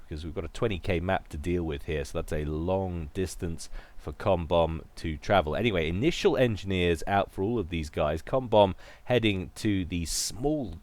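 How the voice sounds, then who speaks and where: A man with a very low voice runs a relaxed, chatty commentary over a strategy game match. He jokes at his own expense as he goes. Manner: chatty, joking, self-deprecating. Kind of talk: casual video game commentary.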